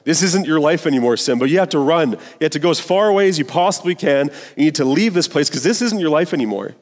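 A man's voice: fairly high pitch, lively intonation, fast, voice pushed up. A young man voicing a scheming lion uncle in a retold cartoon scene, pressing and urgent, in a large echoing room. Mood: urgent menace. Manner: urgent, pressing, rising to loud.

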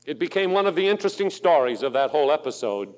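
A man preaching a sermon in an auditorium, slow and impassioned, dropping to a hush and rising to loud pleas. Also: fairly high pitch, big pitch swings. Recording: long hall reverb.

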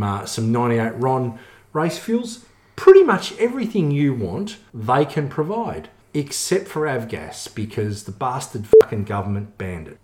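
A man's voice: on the low side, darkish tone, echoey room. A man with an Australian accent hosting a casual podcast, boisterous, crude and joking. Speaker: podcast host. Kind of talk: casual chat.

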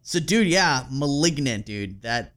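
Animated man telling a story on a podcast. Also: medium pitch, measured pace. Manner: animated, laughing, casual swearing, filler-heavy. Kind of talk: casual chat, storytelling.

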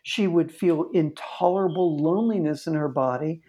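The audio is dull, carrying a slightly high male voice at a moderate pace. It's a therapist conversationally recounting a case, earnest and vivid, often restarting what he's saying.

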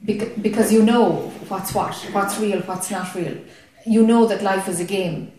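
A woman speaking as a spiritual teacher to a group, calm, slow and encouraging. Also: mid-range voice, a little hiss or hum. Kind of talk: satsang dialogue. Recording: very echoey, distant in a hall.

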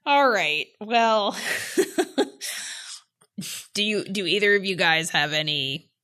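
A woman co-hosting a podcast in casual chat, thoughtful and quick to laugh. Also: medium pitch, lively intonation, bright, forceful tone. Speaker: podcast co-host.

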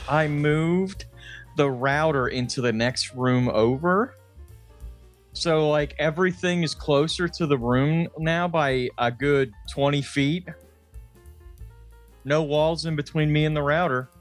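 A man's voice: fairly high pitch, slow, soft background music. A man co-hosting a podcast, rambling through casual chat, swearing often and laughing a lot. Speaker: podcast co-host.

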